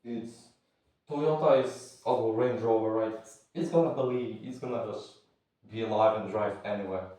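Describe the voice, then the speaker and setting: A man's voice: lowish voice, moderate pace, mellow, far from the mic. A man with as his teaches a martial arts lesson in an offhand, rambling way, stopping to search for words. He stands well back from the mic, and his voice rings around a very echoey room. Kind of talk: casual spoken lesson.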